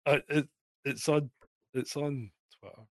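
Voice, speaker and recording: A man's voice: medium pitch, fairly even intonation, measured pace, no echo, clean studio sound. A man co-hosting a podcast, agreeing often and telling a story with laughter in casual chat. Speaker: podcast co-host.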